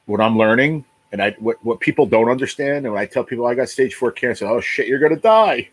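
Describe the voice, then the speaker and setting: A man's voice: mid-range voice, fast talker, breathy edge, low-quality recording. A man in his late forties, hosting a casual livestream, talking bluntly, swearing a lot and repeating himself. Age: 40s. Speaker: livestream host.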